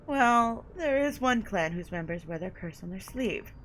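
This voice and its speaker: A woman's voice: medium pitch, expressive, a little slow, fairly bright tone, a little hiss or hum, poor audio. A woman voicing a haughty, condescending female vampire sire, reading game dialogue aloud with drawled endearments.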